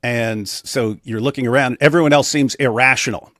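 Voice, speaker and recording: A man's voice: mid-range voice, moderate pace, a bit bright, no echo, studio quality. A man as an interview guest, telling a personal story in a matter-of-fact way with frequent restarts. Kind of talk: casual storytelling in conversation.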